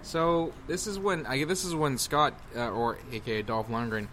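Joking podcast man, lively pitch. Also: moderate pace, slight background noise. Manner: joking, goofy wordplay. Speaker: podcast co-host. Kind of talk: casual movie-talk banter.

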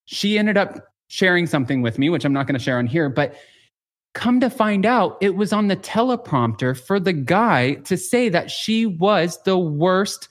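A man hosting a podcast, telling gossip with lively acted-out quotes and lots of filler "like". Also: high voice, moderate pace. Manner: animated storytelling with acted-out quotes; frequent filler "like". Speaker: podcast host. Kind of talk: casual gossip chat.

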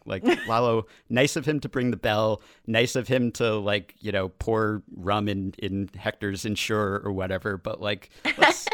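A man's voice: on the low side, no echo, clean studio sound. A man co-hosting a podcast, talking through a TV episode in casual chat with joking asides. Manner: animated, joking asides with laughs. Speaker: podcast co-host.

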